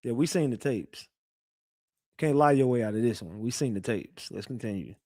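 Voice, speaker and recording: A man's voice: mid-range voice, animated, moderate pace, warm tone, no echo, clean studio sound. Rowdy man teasing his live chat. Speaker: livestream commentator. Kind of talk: casual live commentary.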